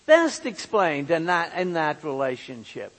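Slow, high-voiced preacher in a hall. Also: male voice, big pitch swings. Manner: earnest, repeats words while finding them. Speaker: pastor. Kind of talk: sermon.

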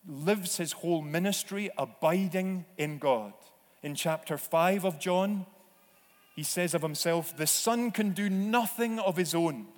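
Male pastor, slightly high voice, unhurried preaching, church reverb. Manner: slow, deliberate preaching with acted-out voices. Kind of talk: sermon. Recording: long reverb of a church hall.

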